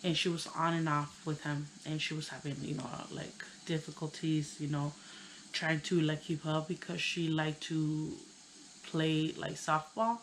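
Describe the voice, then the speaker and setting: A woman in her thirties telling a personal story on her channel, tearful and halting, with many pauses and fillers. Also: low-pitched, a little hiss or hum, poor audio. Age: 30s. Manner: hesitant, halting, full of "you know". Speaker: vlogger.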